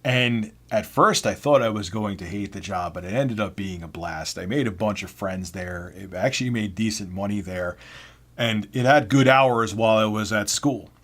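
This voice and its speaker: A man hosting a video and telling a personal story. His delivery is casual and animated, and he swears freely. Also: fairly low pitch, normal speed. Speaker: video host.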